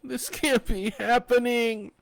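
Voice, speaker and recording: A man voicing a terrified, trapped young woman who screams hoarsely for help. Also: very high voice, takes it slowly, dry recording, pitched above the performer's own voice, exaggerated voice. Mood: desperate screaming. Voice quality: raspy, screaming.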